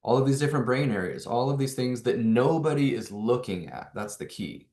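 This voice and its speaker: A man's voice: mid-range voice, lively intonation, brisk, darkish tone, reverberant. A man coaching on neurology, explaining with rhetorical questions and growing energy. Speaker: neuro coach presenting to hosts. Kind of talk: animated explanatory talk.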